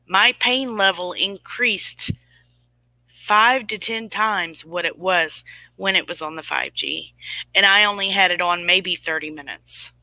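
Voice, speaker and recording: Livestream host, forties, rambling, emphatic, very bright tone, dry close sound. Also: mid-range voice, unhurried, dry recording, low-quality recording. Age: 40s. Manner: rambling and emphatic, answers chat comments. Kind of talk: casual livestream talk to viewers.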